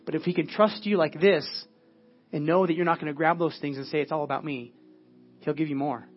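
An earnest male pastor with a fairly high voice preaches at a church service, often sinking into a hushed, prayerful tone. The audio is dull and lo-fi, with faint music underneath. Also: steady tone, brisk, husky. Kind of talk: sermon.

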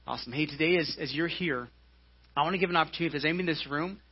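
Male pastor, live sermon; slightly raised pitch, breathy edge, muffled lo-fi recording, conversational delivery. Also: racing. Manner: conversational preaching with frequent "right?" and repeated words. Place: church service.

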